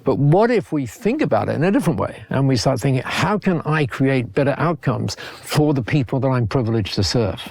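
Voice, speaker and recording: An older Australian man, a podcast guest, telling stories in an animated way, often repeating words and laughing between points. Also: medium pitch, a little fast, gravelly, hardly any pauses. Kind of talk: conversational podcast storytelling.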